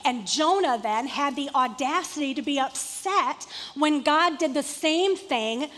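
A woman preacher giving a conversational, animated sermon to a seated congregation in a room. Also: high voice, measured pace, in a large hall. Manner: conversational and animated, acting out quotes.

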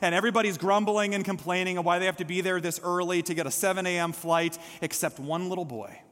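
Male pastor, high tenor, passionate sermon delivery, long reverb of a church sanctuary. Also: fairly even intonation, fast, a bit bright. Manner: impassioned, builds to calls for response.

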